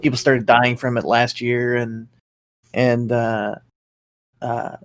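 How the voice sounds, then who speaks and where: A man's voice: medium pitch, level tone, slow pace, slight background noise. A man co-hosting a casual talk show, ranting in a rambling, profane way. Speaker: co-host. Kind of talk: casual chat.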